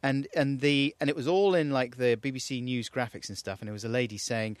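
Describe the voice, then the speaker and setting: A man's voice: medium pitch, fairly quick, hardly any pauses, no room sound. A man co-hosting a radio show, joking and teasing in casual banter. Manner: playful, teasing, lively. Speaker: radio co-host. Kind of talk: casual comedic radio chat.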